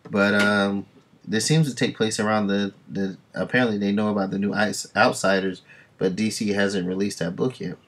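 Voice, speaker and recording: A man reading comics aloud on a stream, rambling through enthusiastic fan asides and dropping into quick voices for the characters. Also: lowish voice, steady tone, fairly bright tone. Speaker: comic book reader and streamer. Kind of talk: casual comic reading commentary.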